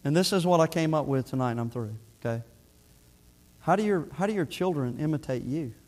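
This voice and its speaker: A man's voice: fairly high pitch, lively intonation, fast, darkish tone. A middle-aged male pastor preaching a sermon in an earnest, conversational way, often restarting his phrases.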